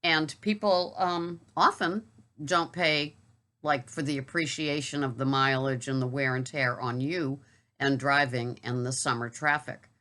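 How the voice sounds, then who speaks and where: A middle-aged woman speaks with a low, forceful voice. She rambles through a casual vlog monologue, wandering into asides and fillers along the way. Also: steady tone, a little slow. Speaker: grocery delivery shopper.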